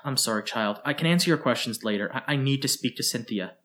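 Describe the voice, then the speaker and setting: A courteous tentacled alien, speaking with careful, measured formality, as a male narrator reads him. His voice stays even and low-key throughout, in the manner of a storybook. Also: close to an everyday voice. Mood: hurried.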